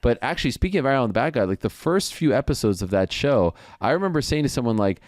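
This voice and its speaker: A man talking as a podcast guest in casual chat, an animated storyteller who acts out quotes. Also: mid-range voice, fast talker, no room sound, clean studio sound.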